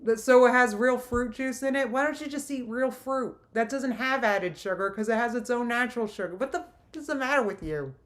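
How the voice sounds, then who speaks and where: A woman's voice: fairly high pitch, a little fast, few pauses. A woman streaming a live reaction, talking in an exasperated, mocking way and breaking off to laugh. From New Jersey.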